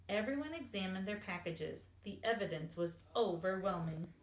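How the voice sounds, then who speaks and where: A woman teacher reading a children's picture book aloud in an expressive storytelling manner. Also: medium pitch, moderate pace. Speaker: elementary school teacher. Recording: echoey room, faint hiss.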